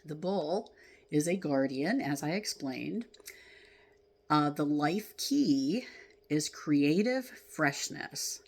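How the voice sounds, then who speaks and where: A woman with a low, deep voice leads a spiritual class at a slow, unhurried pace. She talks gently and from the heart, letting out sighs and soft laughs as she reflects on oracle card guidance. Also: animated. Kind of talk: reflective spiritual talk, reading from oracle cards.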